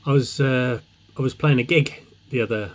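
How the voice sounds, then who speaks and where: A man's voice: medium pitch, moderate pace. A man telling a joke as a chatty, meandering anecdote. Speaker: joke teller.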